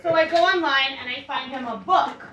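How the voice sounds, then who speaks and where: A woman's voice: sits high, normal speed, a bit bright, highs cut off, a little hiss or hum. A woman in her thirties performing a stand-up comedy set with wry, self-deprecating storytelling. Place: comedy club stage before a laughing crowd. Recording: echoey club recording from a distance, crowd laughter.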